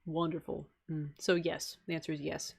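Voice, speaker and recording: A woman's voice: low voice, little pitch movement, normal speed, vocal fry, slightly rough. Giggly, chatty young woman streamer. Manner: chatty, giggly, laughs often between answers; rambling, with many fillers and asides. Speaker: streamer answering viewer questions. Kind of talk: casual live-stream chat.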